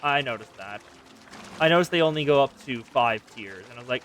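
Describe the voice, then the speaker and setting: A man's voice: mid-range voice, lively intonation, a little fast, a bit bright, recorded from a distance, slight background noise. A young man streaming a game, chatting casually, muttering to himself, swearing and talking to objects on screen. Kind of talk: casual gameplay commentary.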